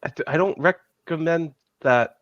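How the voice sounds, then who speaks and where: A man playing a tabletop game, excitable, often stammering and restarting his lines. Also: on the high side, a little slow, no room sound, highs cut off. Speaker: player. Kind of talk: casual tabletop play.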